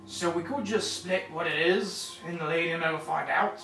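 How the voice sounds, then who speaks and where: Rogue thief, sneering and gruff, voiced by the game master; echoey, far-off mic. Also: medium pitch, normal speed, bright, forceful tone, slight background noise. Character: sly greedy male rogue thief, menacing. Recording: echoey room from far off, faint music.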